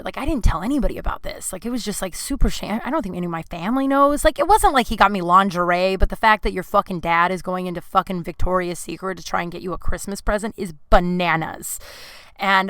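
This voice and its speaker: A woman's voice: mid-range voice, fairly bright tone, clear, resonant tone, dry recording. A woman hosting a podcast, speaking in a personal confessional monologue, emotional and at times crying, with many "like" fillers. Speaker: podcast host. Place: closet at home.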